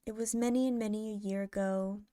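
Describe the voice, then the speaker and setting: A woman narrating poems in a soft, hushed ASMR reading style, drawing out each line slowly. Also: mid-range voice, steady tone, clean tone, no echo, clean studio sound. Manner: slow, hushed, drawn-out delivery.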